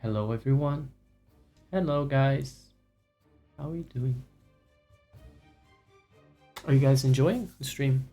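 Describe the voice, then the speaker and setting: A male streamer talks loosely to his chat from a home setup, wandering between topics with dry sarcasm and frequent profanity. His pitch sits in an ordinary middle range, and faint background music plays underneath. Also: slow pace, long pauses, warm tone. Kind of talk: casual live-stream chat with viewers.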